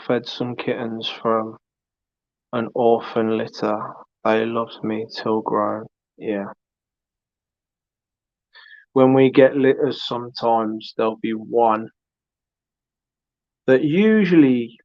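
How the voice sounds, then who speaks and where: A man's voice: mid-range voice, dry recording. A man hosting a live stream, chatting casually and rambling as he greets viewers by name. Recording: dull lo-fi stream audio.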